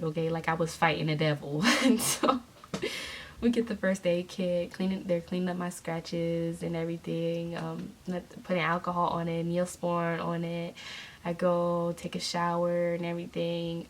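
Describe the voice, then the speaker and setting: Young woman vlogger, animated and sassy, slightly low voice. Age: young adult. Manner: animated, sassy storytelling to viewers. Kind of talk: storytime vlog.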